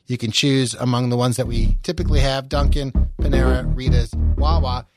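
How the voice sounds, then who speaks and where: A man's voice: medium pitch, steady tone, fairly quick, over loud music. A male radio host, chatting on air in a friendly, rambling way with lots of fillers. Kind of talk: talk radio hosting. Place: radio studio. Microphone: studio microphone.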